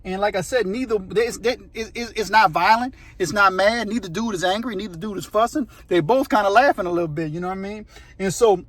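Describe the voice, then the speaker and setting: A man's voice: high-pitched, brisk, fairly bright tone, dry recording. A man telling a true story in a casual, rambling way, often checking in with "you know what I mean". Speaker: storyteller, channel host.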